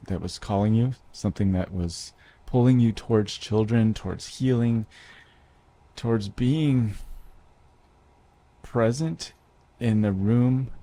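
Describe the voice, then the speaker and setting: A man's voice: fairly low pitch, dark tone. A man in his thirties telling a personal story to an audience in a conversational way, with many fillers and restarts. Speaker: speaker.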